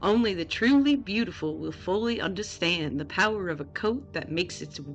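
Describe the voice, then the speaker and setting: A woman's voice: lowish voice, expressive, normal speed, soft background music. A woman putting on an exaggerated Southern US twang to play a folksy Southern woman reading aloud. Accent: Southern US, put on. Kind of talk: reading aloud in a put-on accent.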